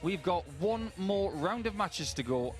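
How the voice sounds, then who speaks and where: Measured male darts commentator. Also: high voice, animated, faint music behind. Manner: measured, analytical, dry humour. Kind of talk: live sports commentary.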